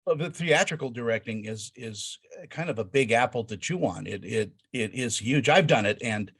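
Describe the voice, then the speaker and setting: A man hosts a casual celebrity interview in a husky, mid-range voice that's a bit bright, with lively intonation at a normal speed. He's enthusiastic, stumbling over his words and repeating them while searching for what to say as he asks questions.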